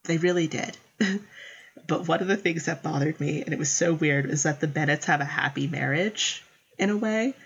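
A woman's voice: deep voice, moderate pace, husky, muffled recording. A woman chatting casually and animatedly, often acting out quotes and laughing. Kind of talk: casual chat about book adaptations.

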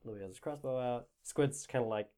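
A man runs a tabletop game as game master, his voice sitting at an average pitch. He talks in a laid-back, fairly monotone way, with lots of "like"s. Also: moderate pace. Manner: laid-back, self-described monotone, many "like"s.

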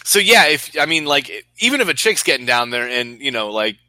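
A young man co-hosting a podcast, animated and crude, swearing freely in casual banter. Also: medium pitch, a little fast, no room sound. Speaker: podcast co-host.

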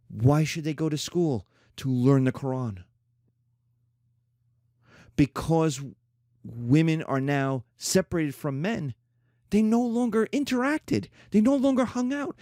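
A middle-aged male teacher gives a classroom lecture, full of emphasis and repetition. His voice sits a little high and swings widely in pitch. The sound is dry and close, with no room echo. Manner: animated, emphatic, with playful mock voices. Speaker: history teacher.

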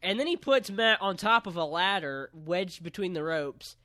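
A man with a high, bright voice that leaps all over the place. He recaps events in casual, profane play-by-play, cracking jokes as he goes. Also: animated, moderate pace. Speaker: podcast co-host. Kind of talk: casual chat recapping a match.

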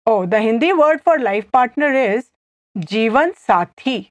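A woman from India with an Indian accent, leading a scripted language lesson and repeating phrases slowly and clearly. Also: fairly high pitch, expressive, no echo. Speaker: language teacher.

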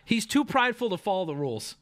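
A man's voice: high-pitched, fast talker. A man telling a family story on his stream in a casual, profane, joking way. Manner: animated, profane, jokey.

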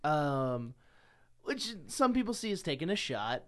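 A man's voice: a little high, big pitch swings, a little slow. A man in casual podcast chat, recapping events steadily with frequent "um"s.

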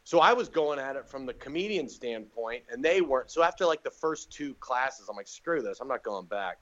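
A man's voice: mid-range voice, fairly quick, lo-fi sound. A man, a comedian, telling stories in a casual podcast chat and acting out the people he quotes. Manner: animated storyteller doing quoted voices. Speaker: guest comedian. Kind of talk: casual storytelling.

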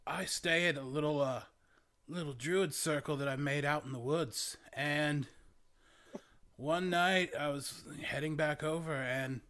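A man's voice: a little high, sharp tone, full character voice. A man doing a spaced-out stoner druid. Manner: drawling, rambling, full of "like" and "man". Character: laid-back rambling young male stoner druid. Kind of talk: tabletop role-play character voice.

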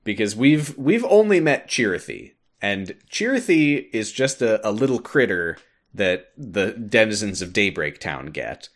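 A man hosting a podcast, recapping a game in an animated storytelling way. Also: lowish voice, unhurried. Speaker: podcast host.

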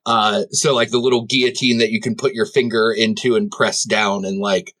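A man's voice: fairly low pitch, flat delivery, normal speed, fairly bright tone. A man playing a tabletop game, describing scenes in a rambling way with lots of fillers. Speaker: player.

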